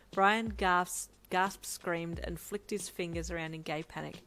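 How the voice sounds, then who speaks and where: A woman reading a second-person fan story aloud with lively, expressive narration. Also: lowish voice, normal speed, few pauses, rough recording. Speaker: fanfic narrator.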